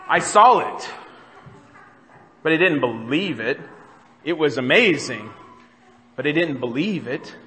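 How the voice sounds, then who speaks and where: Guy pastor giving a sermon, kinda high voice, asks the crowd stuff, echoey church hall. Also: sharp tone. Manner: conversational, asks the congregation questions. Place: church sanctuary.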